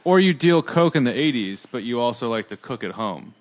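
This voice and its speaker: A man's voice: medium pitch, expressive, a little fast. A man co-hosting a casual food podcast, dropping dry, sarcastic asides. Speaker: podcast co-host. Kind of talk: casual chat.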